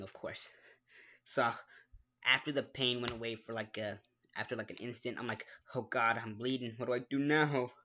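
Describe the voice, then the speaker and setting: A man's voice: mid-range voice, pushed and bright, highs cut off. A man telling a personal story in a casual, rambling way, restarting sentences, making his own mouth sound effects and often apologizing. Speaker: gaming vlogger.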